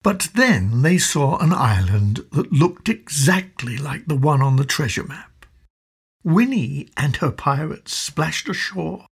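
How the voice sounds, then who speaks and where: A woman narrating a children's storybook in an expressive, slow storytelling manner. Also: deep voice, creaky, breathy edge.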